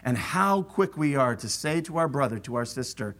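A middle-aged man preaching a sermon, animated and acting out the voices of churchgoers. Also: medium pitch, normal speed.

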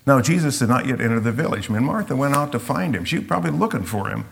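A man's voice: mid-range voice, lively intonation, fast talker, creaky, a bit bright. A man teaching through a Bible passage verse by verse, reflective and explanatory, sometimes acting out the quotes.

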